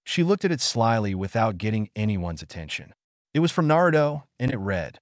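Deep-set male storyteller, lively pitch. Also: a little fast, no echo, clean studio sound. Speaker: narrator. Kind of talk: reading fan fiction aloud.

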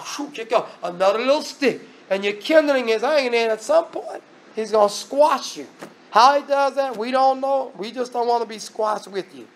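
Emphatic high-voiced preacher. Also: male voice, a bit bright. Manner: emphatic, repetitive, reads scripture aloud with asides. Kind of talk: sermon.

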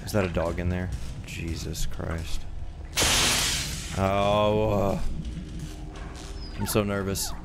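A man commentating a horror game, jumpy and excitable, swearing and yelping when scared. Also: low voice, moderate pace, creaky, heavy background noise. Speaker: gaming channel host.

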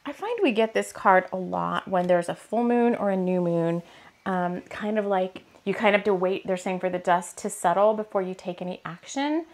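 Chatty woman with a scratchy, gravelly voice. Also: mid-range voice, moderate pace. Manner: chatty, rambling, laughs often. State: slightly hoarse, scratchy throat. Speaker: tarot card reader. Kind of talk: casual spiritual card reading.

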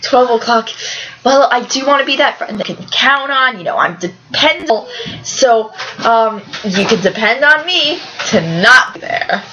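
A woman's voice: fairly high pitch, lively intonation, a little slow, pushed and bright, dull audio, a little hiss or hum. A young woman co-presenting a comedy sketch, teasing and sarcastic.

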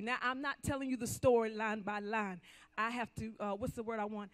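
A male pastor preaching emphatically, swinging between loud calls and quiet asides. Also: very high voice, brisk. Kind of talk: sermon.

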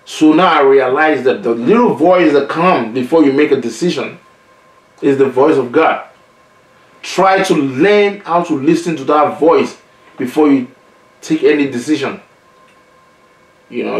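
A man's voice: a little high, measured pace. A male evangelist preaching a sermon in an earnest, conversational way, often adding "you know" and "man". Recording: roomy, echoey sound from a distance.

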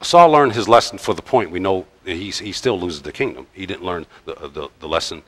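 Low-voiced pastor in an echoing church. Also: male voice, lively intonation. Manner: conversational, halting with frequent "uh" and restarts. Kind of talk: sermon. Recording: long reverb of a large church hall.

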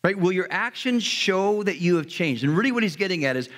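A pastor preaching a sermon in a conversational way, retelling a story and briefly acting out its characters. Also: male voice, high-pitched, lively intonation, a little fast, few pauses, a bit bright. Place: church hall. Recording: long hall reverb.

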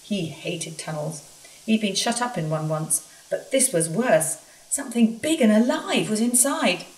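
Woman reading a kids story, super expressive, far off and echoey. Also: mid-range voice, measured pace. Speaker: storybook reader. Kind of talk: storybook narration. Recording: echoey room, far from mic, faint hiss.

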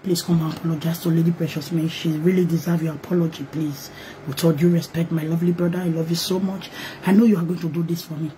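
A woman's voice: deep voice, fairly even intonation, quick pace, few pauses, dark tone, low-quality recording. Nigerian woman, live vlog host, pleading tone, faint noise behind. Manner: pleading, mixes English and pidgin with singing chant. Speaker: online gist host. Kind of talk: live video talk.

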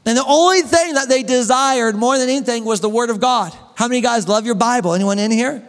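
A man with a very high voice preaches to his congregation, telling a story and tossing questions to the crowd with a joke now and then. The sound rings out with a long echo through a church hall. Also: brisk, smooth. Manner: storytelling, asks the congregation questions, jokes and laughs. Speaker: pastor. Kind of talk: sermon.

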